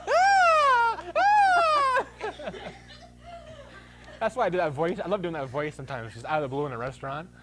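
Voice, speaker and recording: A man's voice: on the high side, lively intonation, rapid-fire, few pauses, heavy background noise. A man hosting a talk show, ranting comically and bursting into shrieks and laughter. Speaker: host.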